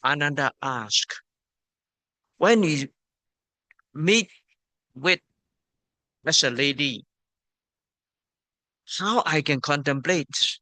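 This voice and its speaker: A man from Myanmar, a monk and meditation teacher, giving a dharma talk at a retreat in simple, halting English, repeating words and using Pali terms. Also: a little high, lively intonation, bright, forceful tone, no room sound.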